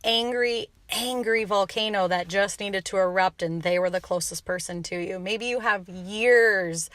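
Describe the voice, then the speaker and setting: A woman's voice: mid-range voice, a bit bright, no room sound. Passionate blunt woman podcast host. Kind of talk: motivational podcast rant.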